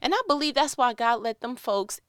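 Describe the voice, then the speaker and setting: Woman preacher, lively and conversational, smooth clear voice, dry close sound. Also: a little high, brisk, no room sound. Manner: animated, talks straight to listeners with rhetorical questions. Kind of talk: conversational sermon.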